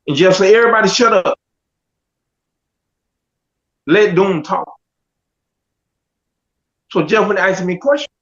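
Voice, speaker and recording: A man telling his life story with animated storytelling, casually acting out the other people's voices with slang. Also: fairly high pitch. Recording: dull lo-fi sound.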